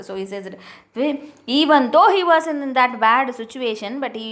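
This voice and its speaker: A woman's voice: sits high, animated, brisk, fairly bright tone. A woman teaching an English prose lesson, reading lines aloud and paraphrasing them with questions to the class. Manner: reads a line, then paraphrases it with questions to the class. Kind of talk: explaining a prose text line by line.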